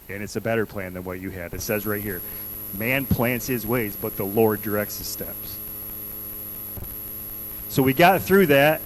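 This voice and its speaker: A man's voice: mid-range voice, slight background noise, poor audio. A man preaching a conversational sermon in a church, earnestly repeating questions to the congregation. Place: church sanctuary.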